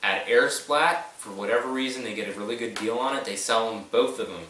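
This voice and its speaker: A man's voice: medium pitch, fairly quick, bright, forceful tone. A young man co-hosting a casual question-and-answer chat, explaining things step by step with frequent hesitations. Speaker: co-host answering fan questions. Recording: echoey room, mic at a distance, faint noise.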